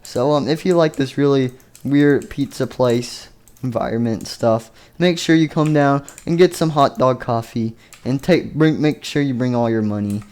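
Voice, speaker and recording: A man improvising a playful story over game footage, rambling along with frequent ums and restarts. His voice is mellow and relaxed, sitting in a middling pitch. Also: moderate pace. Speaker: video narrator.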